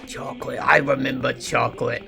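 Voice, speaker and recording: A man streaming a video game, chatting casually and hesitantly with many pauses and fillers. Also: medium pitch, level tone, gravelly, pushed and bright. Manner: rambling, hesitant, lots of ums. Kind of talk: casual gameplay commentary. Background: game music.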